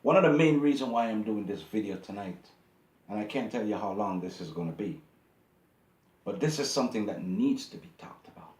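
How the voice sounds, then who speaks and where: A YouTube channel host speaks directly to his viewers in a casual monologue that is indignant, preachy and repetitive. His voice is fairly low and darkish, with lively intonation and a fairly quick pace, and the recording is reverberant.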